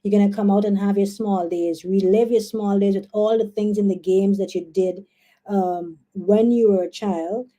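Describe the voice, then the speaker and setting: A young woman from Guyana with a Guyanese accent, hosting a casual live stream in an excitable, chatty way. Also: medium pitch, normal speed. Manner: chatty, excitable, laughs and exclaims often. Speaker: livestream host.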